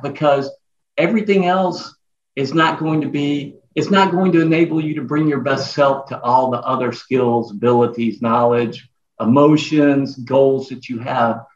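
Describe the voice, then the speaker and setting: A man guesting on a podcast interview, explaining his ideas earnestly and listing them in emphatic runs. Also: medium pitch. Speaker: guest author. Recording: echoey, dull lo-fi remote audio.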